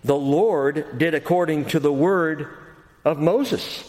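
A pastor preaching an expository sermon, earnest and emphatic, going from quiet passages to loud ones. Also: male voice, a little high, takes it slowly. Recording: long hall reverb.

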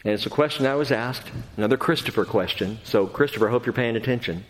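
A pastor preaching an expository sermon, earnest and emphatic, going from quiet passages to loud ones. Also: male voice, mid-range voice, quick pace, slight background noise. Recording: long hall reverb.

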